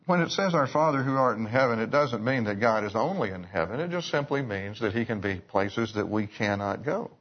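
A man's voice: lowish voice, a little fast, few pauses. A man preaching a sermon, telling stories in a folksy way with restarts and asides. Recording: dull lo-fi recording.

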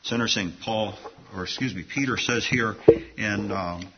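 A man's voice: lowish voice, moderate pace, muffled recording, very noisy. A man preaching a sermon to his congregation in an earnest, conversational way, often restarting his phrases. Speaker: pastor.

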